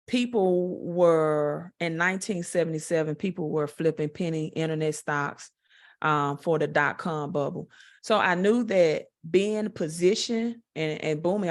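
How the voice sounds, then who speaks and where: A woman with a Southern US accent answering interview questions in a direct, confident way, talking slowly with many fillers. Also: low-pitched. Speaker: guest, network marketer.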